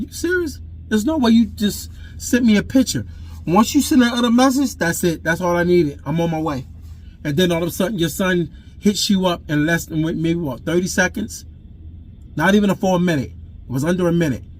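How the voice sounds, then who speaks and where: Man, high voice, husky, raw emotional storytelling, repeats himself, loud then hushed. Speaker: father telling his own story. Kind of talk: emotional personal storytelling to camera.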